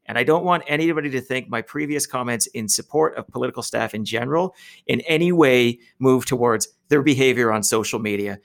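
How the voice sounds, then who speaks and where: Gravelly Canadian man ranting. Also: medium pitch. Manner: heated, forceful rant. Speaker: political commentator. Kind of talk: casual podcast debate.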